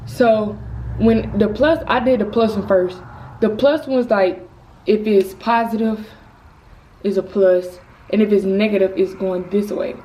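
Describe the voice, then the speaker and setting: A woman's voice: medium pitch, measured pace, warm tone. A teenage girl, a vlogger, telling a personal story in a casual, rambling, candid way. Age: teens. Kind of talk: storytime vlog. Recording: slightly distant mic with faint noise.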